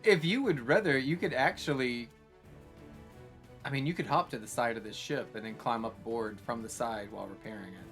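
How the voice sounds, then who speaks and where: A man's voice: mid-range voice, normal speed, a bit bright, soft background music. A man running a tabletop game as game master, explaining rules and describing scenes in a casual, laughing way.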